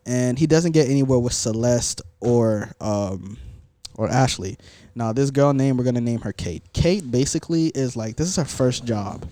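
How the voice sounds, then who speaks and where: Young man, mellow and dry, loose rambling storyteller in casual chat. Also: mid-range voice, moderate pace, no room sound. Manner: rambling storytelling with many fillers. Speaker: podcast storyteller.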